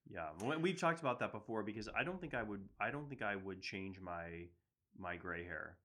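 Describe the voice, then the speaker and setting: A man co-hosting a casual medical talk show, chatty and quick to chime in with asides. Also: lowish voice, animated, fairly bright tone. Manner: conversational, teasing, quick to chime in. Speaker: medical co-host.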